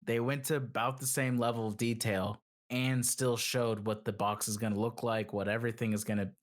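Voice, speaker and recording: A man's voice: mid-range voice, flat delivery, normal speed. Rambling young male podcast co-host. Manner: rambling, heavy use of "like", mocking impressions. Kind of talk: casual chat.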